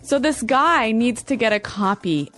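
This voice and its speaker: A woman co-hosting an English lesson podcast, upbeat with quick affirmations. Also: on the high side, expressive, a bit bright, faint music behind. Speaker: podcast co-host, English teacher. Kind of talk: casual teaching chat.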